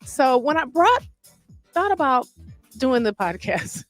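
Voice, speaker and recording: A woman's voice: high-pitched, no echo. A woman hosting a podcast, recording casual promo takes and laughing at her own flubs. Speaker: podcast host and event business founder.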